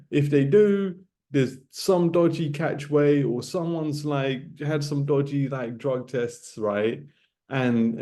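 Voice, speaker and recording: A man's voice: on the high side, dark tone. A man in his late thirties rants casually to camera about boxing. He repeats himself for emphasis and ends his phrases with 'man' and 'bro'. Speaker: boxing commentator vlogger. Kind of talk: casual ranting monologue to camera.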